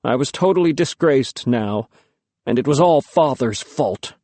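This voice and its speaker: A man reads a novel aloud in the first person. He takes his time, with a lively, rising and falling pitch that brings the scenes to life. The recording is dry and close. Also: no echo. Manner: expressive, unhurried first-person storytelling. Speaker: audiobook narrator. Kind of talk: scripted audiobook narration.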